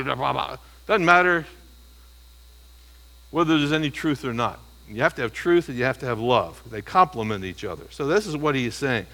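Bright and forceful, the medium-pitched voice of a pastor carries an expository, verse-by-verse sermon over poor audio. He keeps it conversational, checking in with listeners through frequent "okay?" and "you see."

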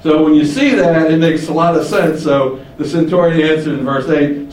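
A man teaching the Bible, explaining and asking rhetorical questions, shifting his pitch for emphasis. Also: normal speed, hardly any pauses, a little mellow. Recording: echoey room, distant mic, faint hiss.

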